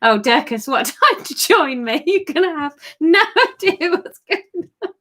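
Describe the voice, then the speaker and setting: Woman comedian, casual live-stream host, laughs often, slow and very lively in pitch. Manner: giggly, self-mocking, laughs through lines. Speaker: comedian hosting a live book club. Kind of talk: casual live-stream chat and story reading.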